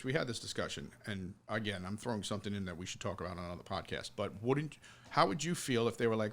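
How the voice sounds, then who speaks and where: A man's voice: lowish voice, animated, fast talker, hardly any pauses, fairly bright tone. A man co-hosting a film podcast, talking casually and animatedly, swearing freely and acting out quoted voices. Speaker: podcast co-host.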